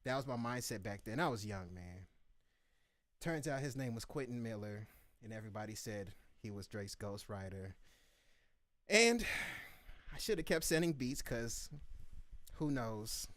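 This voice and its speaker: A man hosting a live beat review show, telling a story in casual chat and acting out the quotes with lively voices. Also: medium pitch, measured pace, pauses often, no room sound.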